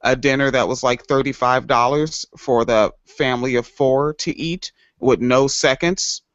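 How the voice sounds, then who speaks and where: A man's voice: medium pitch, measured pace, fairly bright tone, no room sound. A man co-hosting a podcast, chatting sarcastically with a lot of swearing and loose rambling. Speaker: podcast co-host. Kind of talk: casual chat. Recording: dull lo-fi sound.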